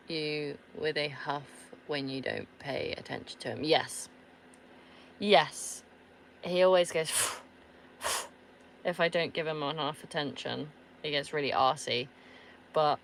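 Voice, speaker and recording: Casual van-life vlogger, woman, deep register, easygoing, laughs and swears freely. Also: a bit bright, slight background noise. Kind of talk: casual chat answering viewers. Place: inside a camper van.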